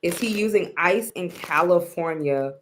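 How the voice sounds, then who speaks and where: A woman's voice: on the low side, unhurried, a little hiss or hum. A woman giving casual commentary, blunt and profane, often rambling and restarting her sentences.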